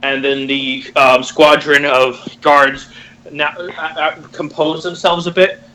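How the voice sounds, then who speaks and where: A man narrating a tabletop game as game master, halting with many fillers and restarts. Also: fairly high pitch, level tone, sharp tone, poor audio.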